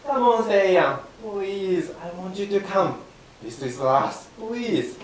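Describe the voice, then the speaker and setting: A man's voice: high-pitched, animated, slow, recorded from a distance. A man voicing a bumbling, eager young man who pleads sheepishly with a friend, in rakugo storytelling. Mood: pleading. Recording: very echoey room from afar, faint hiss.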